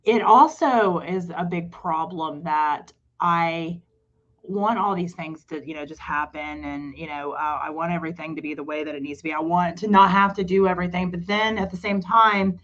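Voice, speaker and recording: A woman's voice: lowish voice, moderate pace, a bit bright. A middle-aged woman chatting casually as a podcast co-host, rambling and self-deprecating. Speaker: podcast co-host and cafe owner. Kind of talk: casual chat. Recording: slightly dull lo-fi sound.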